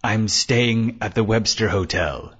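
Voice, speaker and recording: A man's voice: on the low side, slow, fairly bright tone, breathy edge, full character voice. A man reading the part of a nervous, evasive man who answers with careful politeness. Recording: dull lo-fi recording.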